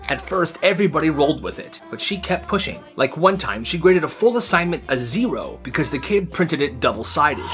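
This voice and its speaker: A man's voice: a little high, sing-song, a little fast, hardly any pauses, a bit bright, soft background music. A young man narrating storytime tales in a wry, conversational way.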